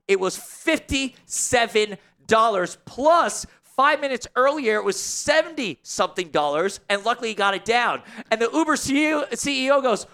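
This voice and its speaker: A man's voice: very high voice, sing-song, normal speed, few pauses, sharp tone, smooth. A man in casual sports talk, ranting animatedly as a guest columnist.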